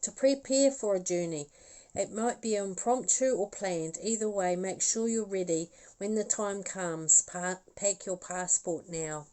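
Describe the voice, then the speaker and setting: Woman, psychic medium, live reading, unhurried pace, warm mellow tone, chatty, laughs often. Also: medium pitch, poor audio.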